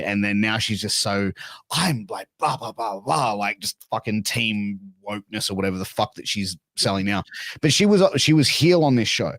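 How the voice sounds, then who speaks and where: A man in his forties with an Australian accent, telling stories as a podcast guest in casual chat and acting out quotes loudly. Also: on the low side, no room sound, studio quality. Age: 40s. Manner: animated storyteller, acts out quotes loudly. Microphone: video call.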